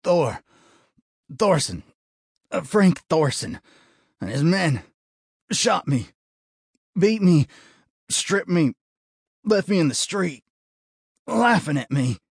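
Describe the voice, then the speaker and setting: A man's voice: fairly high pitch, sing-song, slow, vocal fry, long pauses, slightly rough, no room sound, studio quality, voice pushed up, exaggerated voice. A man voicing a badly beaten big deputy who is dying, pained and gasping, breaking off his words. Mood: pained, desperate.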